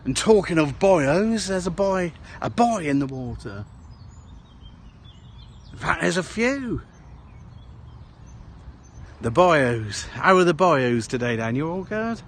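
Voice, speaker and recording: A man records a casual walking vlog through a small outdoor town, rambling on and adding "eh?" after his comments. His slightly high voice has big pitch swings, and he takes it slowly with frequent pauses; faint background noise is audible.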